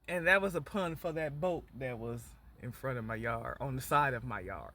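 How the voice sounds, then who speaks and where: A man's voice: medium pitch, moderate pace, hardly any pauses, bright, forceful tone, a little hiss or hum. A man from Michigan rambling and cracking puns in a casual monologue, often asking "you hear me?" and talking from a moving car. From Battle Creek, Michigan. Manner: punning, joking, keeps asking "you hear me?", bursts of laughter. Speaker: vlogger.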